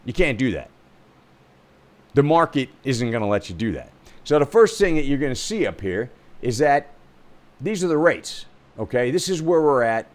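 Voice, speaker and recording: A man's voice: mid-range voice, big pitch swings, moderate pace, long pauses. A man hosting his own show, chatting loosely and rambling through news and clips with frequent fillers. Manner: rambling, full of fillers and restarts. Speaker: realtor hosting a commentary stream. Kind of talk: casual rambling commentary.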